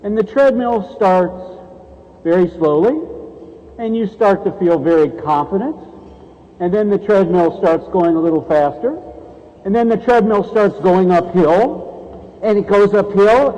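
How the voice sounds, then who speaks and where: A man's voice: sits high, unhurried, warm tone. A man giving a motivational keynote speech and joking playfully with the audience in a large conference hall. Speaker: keynote speaker. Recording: reverberant hall.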